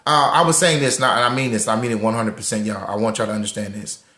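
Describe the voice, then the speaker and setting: A young man hosting a live talk room on money, lively and preachy, repeating lines for emphasis and greeting listeners by name. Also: fairly low pitch, quick pace, reverberant. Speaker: host of a live social audio room on personal finance.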